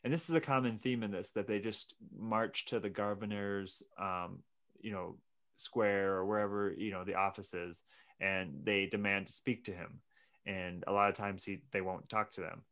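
A man co-hosting a casual podcast. His voice sits on the low side. He tells stories slowly and loosely, with lots of ums and restarts. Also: steady tone, fairly bright tone. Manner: laid-back, hesitant storyteller with many fillers. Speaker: podcast co-host. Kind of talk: casual chat.

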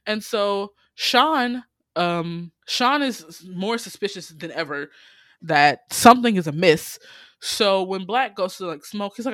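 A man casually recapping a TV series on a podcast, telling the story in lively bursts, acting out the characters' lines and swearing freely, with lots of "you know". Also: sits high, measured pace, no echo, studio quality. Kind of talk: casual chat.

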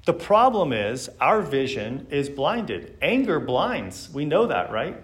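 A man's voice: a little high, big pitch swings, slow pace. A man giving a church Sunday school lesson, speaking earnestly and reading scripture aloud with emphasis.

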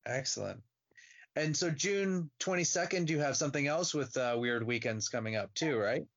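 A man's voice: medium pitch, animated, normal speed, a bit bright. A man hosting an interview, reacting with short exclamations and wrapping up with plug questions. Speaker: interviewer host. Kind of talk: casual interview chat. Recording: dull lo-fi sound.

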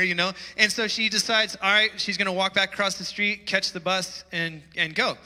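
A man preaching in a church hall, his high voice carrying a long reverb. His tone is bright and forceful as he tells stories and presses his listeners with urgent calls to wake up. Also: steady tone, normal speed, few pauses. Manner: storytelling, emphatic rising calls to wake up. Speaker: pastor. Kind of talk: sermon.

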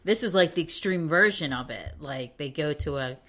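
A woman's voice: low voice, expressive, normal speed, fairly bright tone. A woman in casual conversation, thoughtfully giving her views with many hedges and fillers. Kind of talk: casual book discussion.

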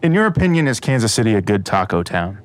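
A man's voice: on the low side, big pitch swings, fast talker. A man hosting a casual comedy podcast, asking quiz questions and playing along with guests. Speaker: podcast host.

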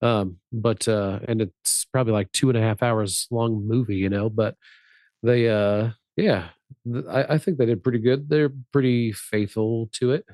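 This podcast co-host has a lowish, darkish voice with a steady tone and normal speed, captured dry with clean studio sound. He chats casually, rambling with plenty of fillers and laughing often.

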